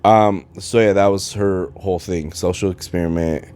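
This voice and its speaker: Low-voiced man with Spanish-tinged English. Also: steady tone, normal speed, darkish tone. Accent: Spanish-influenced English, rolled R's. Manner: rambling, loses his train of thought. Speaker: podcast host. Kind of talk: casual rambling monologue. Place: at home, dishwasher running. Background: faint video game music.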